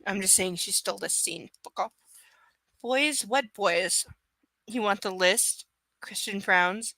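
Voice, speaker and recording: Bright, chatty woman reading live. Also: mid-range voice, measured pace, no echo. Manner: chatty, profane, teasing viewers by name. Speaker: livestream reader. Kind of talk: live reading with casual chat asides.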